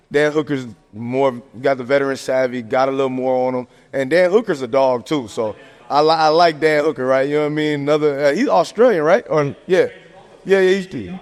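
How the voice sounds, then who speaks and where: A man hosting a podcast, giving casual sports commentary in a slangy, animated rant full of fillers. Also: medium pitch. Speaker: podcast host. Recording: long echoing reverb.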